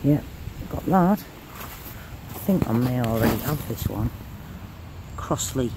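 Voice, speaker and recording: A man's voice: mid-range voice, expressive, unhurried. A man mudlarking on a river bank, muttering casual commentary to himself as he searches. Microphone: handheld camera mic. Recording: outdoor noise on camera mic.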